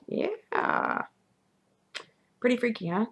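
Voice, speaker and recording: Young woman vlogger, low-pitched and gravelly, chatty true-ghost-story delivery. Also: normal speed, long pauses. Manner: animated, drops to whispers at spooky moments. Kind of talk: casual storytelling.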